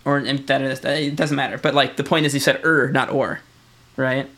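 A man's voice: mid-range voice, level tone, fast talker, a bit bright. A man with a Michigan accent, co-hosting a casual podcast and explaining things with many "right?" checks. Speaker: podcast co-host. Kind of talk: casual chat.

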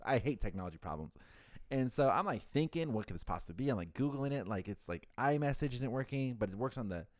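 Male podcast co-host, quick and animated, acts out every line of dialogue, cusses a lot, dry close mic. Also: medium pitch, dry recording. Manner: animated, acts out quoted dialogue, swears freely. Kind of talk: casual storytelling chat.

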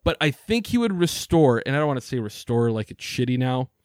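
A man's voice: mid-range voice, big pitch swings, a little fast, a little mellow, no room sound, clean studio sound. Heated, profane man ranting on a podcast. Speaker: podcast co-host. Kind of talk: casual sports podcast chat.

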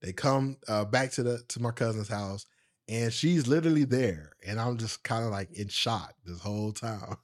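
A man hosting his own podcast, telling a personal story in a casual, animated way, with frequent laughs and asides to his listeners. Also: lowish voice, normal speed. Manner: speaks straight to listeners. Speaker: podcast host.

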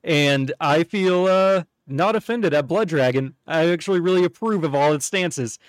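A man from the United States co-hosting a gaming podcast in casual chat, animated, retelling game scenes and putting on quoted voices. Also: a little high, moderate pace, no echo. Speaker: podcast co-host.

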